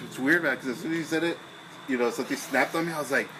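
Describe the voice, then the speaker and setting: A young man, co-hosting a casual podcast over beers, telling a profane story and acting out his own angry shouting. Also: medium pitch, very fast, crowd noise, low-quality recording. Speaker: podcast co-host.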